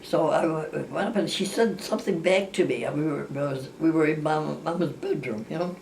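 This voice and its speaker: A woman's voice: low-pitched, fairly quick, creaky, darkish tone. An older woman telling family stories in casual talk. She rambles with many restarts and corrections, and she acts out the voices of the people in her stories. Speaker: family storyteller. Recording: distant mic with faint background hiss.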